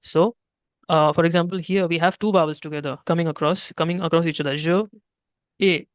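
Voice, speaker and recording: Indian male French tutor, young, brisk and crisp, explains carefully, mixes Hindi in. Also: fairly high pitch, steady tone, no room sound. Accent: Indian English. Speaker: French teacher. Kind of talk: one-on-one language lesson.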